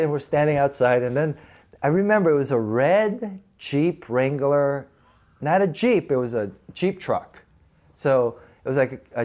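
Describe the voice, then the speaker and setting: Animated man telling stories with a wide-ranging voice. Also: mid-range voice. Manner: animated, acts out voices, laughs often. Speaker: guest. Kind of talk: casual storytelling interview.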